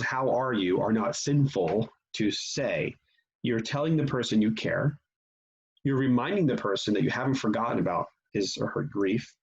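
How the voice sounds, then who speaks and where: A man leads a church teaching session and talks it through casually, with plenty of ums and restarts. His voice is gravelly and a little husky. The recording sounds dull and lo-fi. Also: mid-range voice. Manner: conversational, frequent fillers and restarts. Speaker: pastor.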